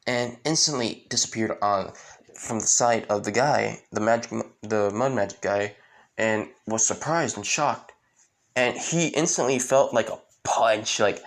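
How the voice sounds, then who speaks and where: A man loosely retells a fan-made adventure story in an unhurried, rambling manner. His voice carries a gravelly rasp at the bottom. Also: on the low side. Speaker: fan fiction narrator. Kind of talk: casual storytelling.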